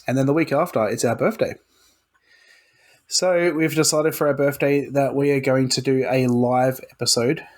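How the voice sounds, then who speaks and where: A man co-hosting a podcast in casual chat, relaxed as he runs the show's segments and announcements. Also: medium pitch, normal speed. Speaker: podcast co-host.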